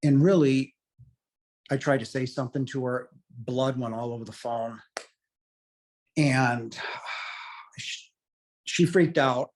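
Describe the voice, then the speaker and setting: Husky-voiced middle-aged man telling his story. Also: medium pitch, steady tone, slow, long pauses. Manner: earnest, rambling, leans on "you know" fillers. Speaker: interview guest telling his near-death story. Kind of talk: candid personal storytelling.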